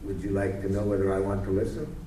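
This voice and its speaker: A man's voice: low-pitched, little pitch movement, quick pace, a crowd in the background. A man leading a communication workshop, teaching through role-play and playful storytelling. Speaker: workshop leader. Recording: roomy hall, distant mic, faint hiss.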